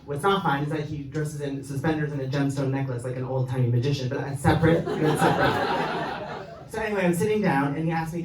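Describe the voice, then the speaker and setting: A man's voice: fairly high pitch, fairly even intonation, a little fast, few pauses, a crowd in the background. A young man doing a stand-up set, rambling with fillers and chuckling at his own jokes. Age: young adult. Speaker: stand-up comedian. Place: comedy club stage. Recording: roomy live-show sound, mic off at a distance. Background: audience laughing.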